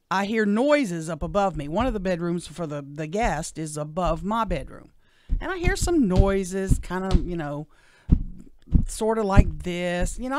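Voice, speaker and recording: A middle-aged woman, a radio show guest telling a personal story in an animated way. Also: on the low side, dry recording, studio quality. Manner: animated storyteller, acts out what others said.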